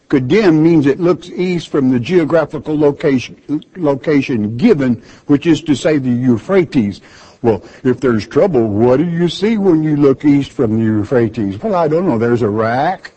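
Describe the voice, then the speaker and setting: A man's voice: on the high side, mellow, slightly rough. A man preaching a sermon. He reads scripture aloud and bluntly explains it, scolding listeners with rhetorical questions. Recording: dull lo-fi recording.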